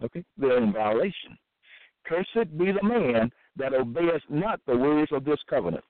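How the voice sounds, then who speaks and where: A man reads verses aloud and comments on them in a slow, halting way, full of restarts and repeated phrases. His voice sits somewhat high. The sound is thin and phone-like, with no room echo. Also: expressive. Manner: halting and repetitive, with many fillers and restarts. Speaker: self-styled preacher. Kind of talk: scripture-reading monologue. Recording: dry, tinny phone-like sound.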